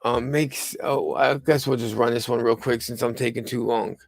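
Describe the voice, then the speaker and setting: A male host of a home live-stream news show, tired and a bit unwell, talking in halting bursts full of restarts. His voice sits at a mid pitch with a gravelly, creaky edge. The sound is dry and close, recorded on a computer mic. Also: no echo. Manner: halting, with many restarts and stumbles. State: tired and under the weather. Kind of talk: rambling live-stream chat.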